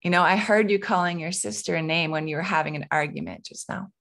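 A woman in her thirties talks quickly in a fairly low, gravelly, fairly bright voice as she hosts a solo parenting podcast. She coaches listeners conversationally, frequently adding "right?"

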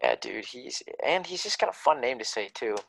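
A man's voice: medium pitch, very animated, moderate pace, creaky, fairly bright tone, poor audio. A young man co-hosting a casual sports podcast, laid-back and jokey, rambling a little. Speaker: podcast co-host.

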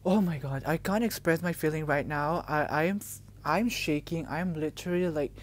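A woman's voice: low voice, moderate pace. Gushing young woman reacting to a music video. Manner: gushing, emotional, exclaims often.

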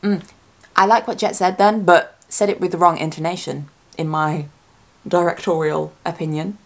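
A woman talking casually as a YouTuber reacting to a trailer, chatty and excitable, thinking aloud and correcting herself as she goes. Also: fairly low pitch, moderate pace. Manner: speculative fan talk, often self-correcting.

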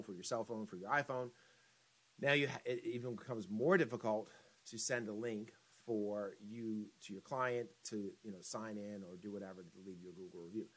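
A man giving a casual screen-share tutorial on getting business reviews, talking in a relaxed, chatty way with frequent ums and restarts. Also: on the low side, rough recording. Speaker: business marketing instructor.

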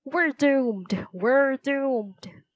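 A woman's voice: a little high, expressive, slow, no room sound. A woman voicing a panicking, hysterical male theater owner who wails and pleads frantically. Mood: frantic. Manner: wailing, frantic and dramatic.

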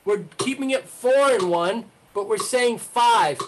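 Higher woman chanting rhythm syllables. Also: a little slow. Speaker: rhythm teacher. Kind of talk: online rhythm lesson. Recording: clear background noise.

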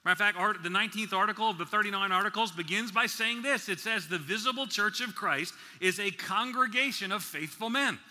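A conference speaker from the New York City area delivers a sermon in a high-pitched, sharp voice, slowing deliberately to emphasize key words. He slips in playful asides, and the large conference hall gives the recording a reverberant quality.

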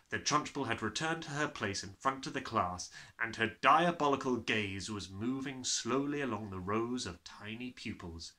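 Male audiobook reader: expressive storyteller, crisp and animated, rises and falls a lot. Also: mid-range voice, normal speed, few pauses. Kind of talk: storybook narration.

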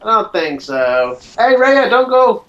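A man's voice: high-pitched, big pitch swings, a little slow, fairly bright tone, highs cut off, slight background noise. A man narrating a game story, then joking crudely with friends while playing. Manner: teasing, crude banter. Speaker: co-op player and narrator. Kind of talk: scripted narration and casual gaming chat.

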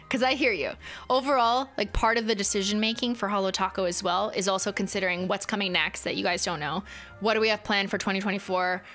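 A woman's voice: mid-range voice, steady tone, brisk, a bit bright, soft background music. A woman hosting a casual livestream, chatting with viewers and thinking aloud with lots of "like"s. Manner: thinks aloud, chatty, many filler likes. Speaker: livestream host.

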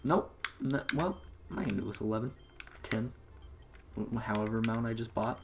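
Profane, excitable man narrating gameplay. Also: medium pitch, normal speed, vocal fry, background noise. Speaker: let's play gamer. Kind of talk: casual gaming commentary.

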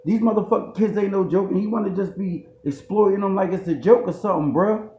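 A man plays an overwrought streetwise guy who keeps insisting he's truly moved. His high voice leans on slang and repetition in mock-emotional pleading. The comedy rant sounds dull and lo-fi in an echoey room. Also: fast, mellow, close to an everyday voice. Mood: indignant. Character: fake-crying streetwise man, overwrought and defensive.

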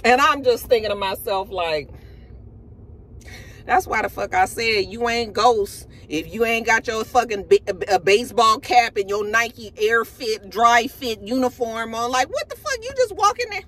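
A woman with a fairly high voice recaps a TV episode, swearing freely and telling it with loose, animated energy. She talks like she's chatting with friends, mixing commentary into the retelling. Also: moderate pace. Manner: profane, animated storytelling. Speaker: TV show reviewer. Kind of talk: casual show recap.

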